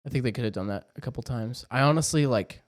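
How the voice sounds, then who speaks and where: A young man co-hosting a podcast, chatting casually and playfully, with quick laughs. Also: medium pitch, no echo, studio quality. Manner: playful, hums tunes and mimics voices, laughs often. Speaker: podcast co-host. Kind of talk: casual chat.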